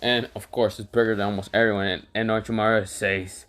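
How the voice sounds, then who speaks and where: A man's voice: fairly low pitch, level tone, quick pace, fairly bright tone. Rambling man telling a fan story. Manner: rambling, full of fillers and restarts, swears freely. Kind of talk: casual improvised fan-fiction narration.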